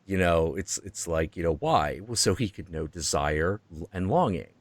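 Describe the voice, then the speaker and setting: A man's voice: low voice, animated, normal speed, no room sound. A man hosting a stream, chatting casually and rambling through ideas, now and then acting out voices in quotes. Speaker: stream host. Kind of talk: casual chat.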